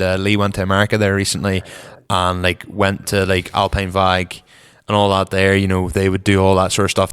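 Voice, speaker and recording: On a laid-back car podcast, a young co-host with a Northern Irish accent talks in a smooth, deep voice, drifting through relaxed tangents and trailing off quietly. He's feeling cold, and long reverb surrounds the recording.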